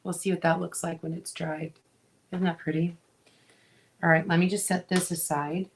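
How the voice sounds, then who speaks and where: A middle-aged woman hosting a crafting video, chatting casually with viewers as she works and often pausing with fillers. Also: fairly low pitch, little pitch movement, a little hiss or hum. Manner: chatty, talks to viewers while working, frequent fillers.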